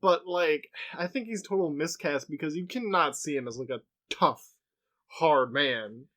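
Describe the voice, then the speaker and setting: Slightly high-voiced man discussing a film. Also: measured pace. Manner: relaxed, opinionated, adds plot details. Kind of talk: casual movie discussion.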